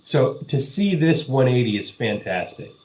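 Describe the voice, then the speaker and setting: A man's voice: medium pitch, very animated, moderate pace, darkish tone, roomy sound, low-quality recording. A man hosting a casual podcast chat, talking loosely and swearing often while he laughs with friends. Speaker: podcast host.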